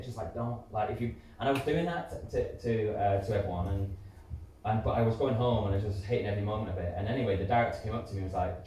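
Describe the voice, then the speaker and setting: A man in his thirties talks fast in a low, mellow voice as a musical theatre performer interviewed on stage. The setting is a community centre hall with an audience, and his candid answers are peppered with fillers and restarts. Sound is echoey from a far-off mic, with faint background noise.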